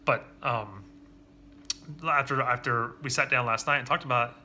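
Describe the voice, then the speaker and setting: Earnest man in his thirties, bright forward voice, confessional vlog delivery, faint room noise behind. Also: mid-range voice, steady tone. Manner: earnest, confessional, halting with restarts. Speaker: father vlogger. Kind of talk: candid personal vlog.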